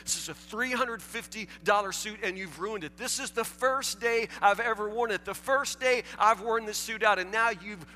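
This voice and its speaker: A man's voice: high-pitched, unhurried, hardly any pauses, pushed and bright, a little hiss or hum, pitched above the performer's own voice. A man voicing a furious man in a new suit who rants and repeats himself indignantly, recorded with long church-hall reverb and faint music. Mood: outraged.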